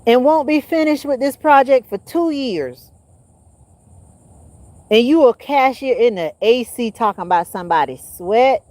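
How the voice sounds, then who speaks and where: A woman's voice: a little high, lively intonation, unhurried, no room sound. Blunt preachy woman ranting on a livestream. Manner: preachy, blunt and profane, swinging from loud to hushed. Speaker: livestream host. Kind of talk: livestream rant to viewers.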